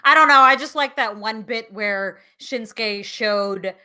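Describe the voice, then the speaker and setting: A woman's voice: on the high side, a little slow, bright, forceful tone, clean tone. A woman co-hosting a podcast, chatting casually and animatedly, swearing and laughing easily. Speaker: podcast co-host. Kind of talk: casual chat.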